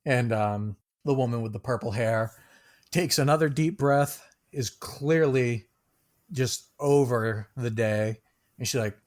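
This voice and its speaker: A man's voice: mid-range voice, unhurried. A man narrating a tabletop game as game master, casual and loose, with many fillers and small laughs.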